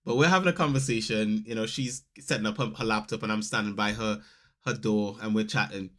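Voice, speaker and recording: A man, telling animated stories in a casual podcast chat and acting out the people he quotes. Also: lowish voice, brisk. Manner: animated storyteller, acts out quotes, laughs often. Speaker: podcast co-host.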